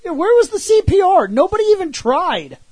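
A man's voice: very high-pitched, sing-song, brisk, a little mellow, dry recording. A man co-hosting a casual movie recap, making crude jokes. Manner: crude joking. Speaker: podcast co-host.

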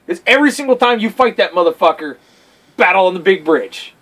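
A high-voiced man talks briskly on a casual podcast he co-hosts, telling stories animatedly with plenty of swearing. He acts out what people said, and the audio quality is poor.

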